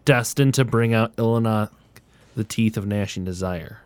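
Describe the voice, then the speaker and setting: A man playing a tabletop role-playing game, earnest and measured in character. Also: fairly low pitch, background noise. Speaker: player. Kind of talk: in-character play.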